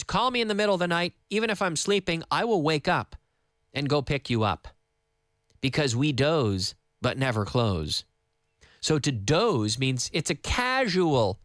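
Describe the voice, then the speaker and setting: A man from Nova Scotia teaching English on live radio from a studio microphone, patiently repeating words slowly for learners. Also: on the high side, fairly bright tone, no echo. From Canada (Nova Scotia).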